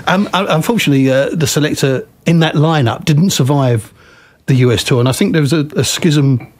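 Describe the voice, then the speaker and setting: A male interviewer who talks fast, in a somewhat raised voice. He reminisces and often stops and restarts his sentences. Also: on the high side. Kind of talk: conversational interview.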